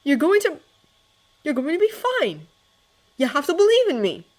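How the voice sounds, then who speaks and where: A woman's voice: high voice, huge pitch swings, normal speed, voice pushed up. A woman reading a fan story, voicing a young male winter spirit who speaks in an urgent, coaxing and nervous way.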